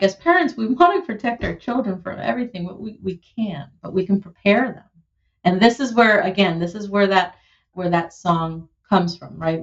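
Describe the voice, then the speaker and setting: A woman in her thirties, a musician being interviewed, talking in an animated, heartfelt way with lots of "like" and "you know". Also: lowish voice, dull audio. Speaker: musician and producer, guest. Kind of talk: conversational interview.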